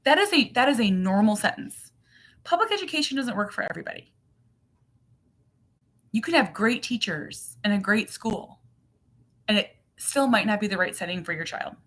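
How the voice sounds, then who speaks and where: A woman's voice: medium pitch, expressive, unhurried, long pauses, a bit bright. A woman in her thirties or forties, a mother and channel host, chatting casually and animatedly on a livestream, full of fillers.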